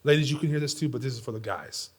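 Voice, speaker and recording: A middle-aged man preaching a sermon in a church, swinging between loud, pressing lines and hushed, near-whispered ones. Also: mid-range voice, racing, slightly rough. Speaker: pastor. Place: church sanctuary.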